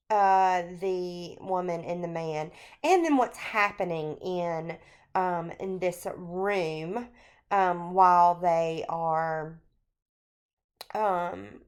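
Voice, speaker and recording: A woman teacher recording a screencast lecture on a short story, talking through it in an unhurried, explanatory way with frequent fillers. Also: on the low side.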